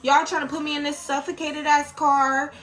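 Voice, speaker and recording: A woman's voice: sits high, level tone, moderate pace, fairly bright tone, poor audio. A young woman telling a story in casual storytime style, blunt and slangy, swearing freely. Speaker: vlogger.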